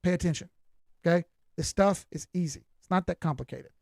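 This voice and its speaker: A man's voice: on the high side, brisk, vocal fry, darkish tone, dry recording. A middle-aged man with a Southern US accent giving blunt, folksy live-stream commentary on crypto charts.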